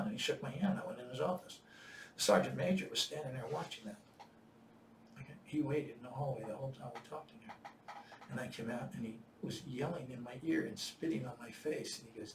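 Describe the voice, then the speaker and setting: An older man telling a war-veteran story in casual, animated style, acting out the voices he quotes. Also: mid-range voice, fast talker. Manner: animated, acts out quoted voices with bursts of loud shouting. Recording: echoey room, distant mic, faint noise.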